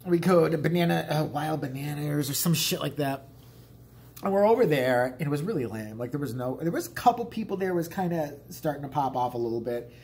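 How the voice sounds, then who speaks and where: A man's voice: on the high side, expressive, a little fast, vocal fry, a little mellow. A man telling a rambling, profane story in a casual vlog. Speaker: vlogger.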